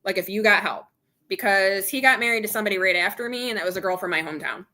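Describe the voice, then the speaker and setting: A woman's voice: mid-range voice, quick pace, bright, forceful tone. A middle-aged woman hosting a casual live chat, candidly retelling an argument and quoting both sides of it. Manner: candid storytelling, retelling an argument with quoted dialogue. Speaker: channel host.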